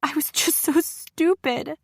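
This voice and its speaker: A woman's voice: sing-song, measured pace, no room sound, studio quality. A woman narrator voicing a tearful, distraught young woman who is crying in an audiobook. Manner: distraught, voice pitched up. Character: young woman, panicked, tearful, newly pregnant. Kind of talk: audiobook character voice.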